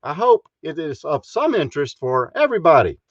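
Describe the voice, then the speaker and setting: A man's voice: a little high, big pitch swings, brisk, no echo, muffled recording. A man hosting a casual live stream from his RV, folksy and chuckling often as he greets viewers. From Texas.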